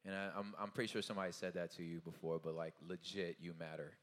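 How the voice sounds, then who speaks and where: With a low voice and quick delivery, a touring Christian music artist talks loosely at a conference talkback. He animatedly acts out the people he quotes and keeps adding "you know what I'm saying," all in the roomy acoustics of an event hall.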